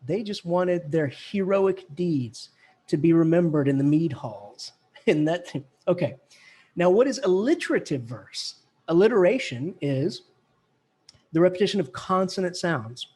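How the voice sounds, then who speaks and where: A man teaching a college English class, lively and casual, chanting poetic rhythms aloud to show the beat. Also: high voice, unhurried, breathy edge. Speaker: English professor. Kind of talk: classroom lecture.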